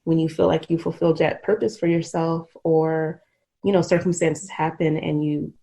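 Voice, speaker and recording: This podcast host, a middle-aged woman, talks in a rambling, reflective, earnest manner during an emotional interview. Her low voice is gravelly yet mellow, moving little in pitch, at a moderate pace.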